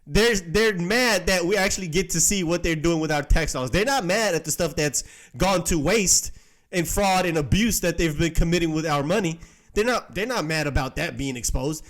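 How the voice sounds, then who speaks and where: A man's voice: a little high, expressive, normal speed, a bit bright. A man hosting a political reaction show, talking emphatically and repeating phrases for stress. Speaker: commentary show host.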